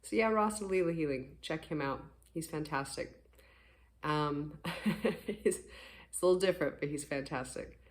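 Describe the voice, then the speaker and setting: A spiritual vlogger giving a casual morning talk to the camera, gentle, earnest and encouraging, rambling at times, with a voice a little rough from sleep. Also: medium pitch, normal speed.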